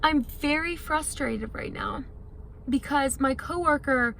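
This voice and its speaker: A woman's voice: sits high, slow, a bit bright, a little hiss or hum, rough recording. A young woman venting to the camera in a frustrated, rambling way, full of "like" fillers. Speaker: vlogger.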